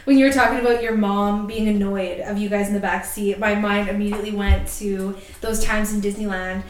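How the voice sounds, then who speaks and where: A woman's voice: medium pitch, little pitch movement, a little fast, roomy sound, slight background noise, low-quality recording. A woman co-hosting a podcast, chatting casually, laughing often and swearing freely as she tells stories. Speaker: podcast co-host. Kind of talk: casual chat, storytelling.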